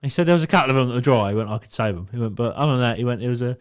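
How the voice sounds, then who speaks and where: A young man on a podcast, telling a swearing, animated anecdote with quoted voices in casual chat. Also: mid-range voice, very fast, clear, resonant tone. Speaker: podcast co-host.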